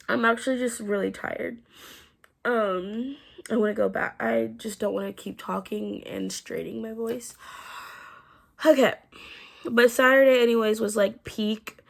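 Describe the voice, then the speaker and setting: A young woman vlogger tells a casual story-time recap with a gravelly edge of vocal fry. Her throat is sore and strained, and she sounds worn out. Still, she keeps it chatty and candid. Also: fairly high pitch, steady tone, unhurried, long pauses. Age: 20s. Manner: chatty and candid, trailing into tired asides.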